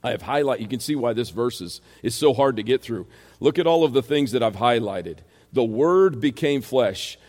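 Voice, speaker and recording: Emphatic country-accented preacher in a reverberant hall. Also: male voice, medium pitch. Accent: rural American. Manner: emphatic, rhetorical questions. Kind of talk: expository sermon.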